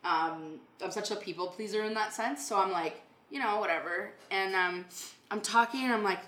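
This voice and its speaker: A woman who runs a renovation company, telling a story in a casual chat with lively energy and plenty of swearing. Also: medium pitch, normal speed, a little hiss or hum. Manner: animated, swears freely. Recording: echoey room.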